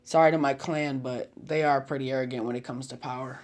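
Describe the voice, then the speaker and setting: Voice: medium pitch, steady tone, brisk, lightly acted. A storyteller voicing an easygoing, awkward teen boy ninja in a casual fan story, in an everyday voice. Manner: casual, joking, slightly flustered.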